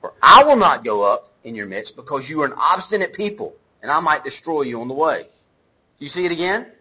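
Bright, husky male preacher. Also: on the high side, big pitch swings, a little fast, poor audio. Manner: conversational preaching with paraphrased dialogue. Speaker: pastor. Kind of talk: sermon.

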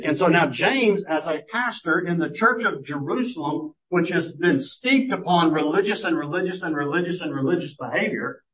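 A man's voice: fairly high pitch, fairly bright tone, slightly rough. A man preaching a sermon, telling stories in a conversational way and often restarting his sentences. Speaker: pastor. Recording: muffled lo-fi sermon recording.

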